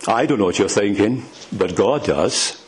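A man's voice: on the low side, animated, unhurried, a little hiss or hum, rough recording. A man preaching a sermon, emphatic and asking the congregation rhetorical questions.

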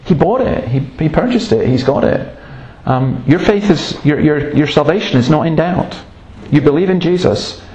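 A man's voice: fairly high pitch, animated, normal speed, few pauses, a little mellow, lo-fi sound. A man preaching a sermon in an earnest, emphatic way, breaking off to tell stories. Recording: roomy, echoey room sound.

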